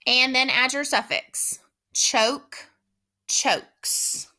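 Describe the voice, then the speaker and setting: A woman teacher giving a spelling dictation lesson, speaking slowly and repeating each word with patient care. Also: on the high side, sharp tone. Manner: slow, patient, repeats words carefully.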